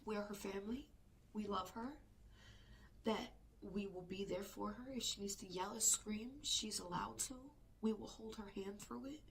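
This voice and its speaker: A woman co-hosting a live stream reaction, talking intensely and emotionally, often sinking into a hushed whisper. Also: mid-range voice, moderate pace, gravelly, slight background noise.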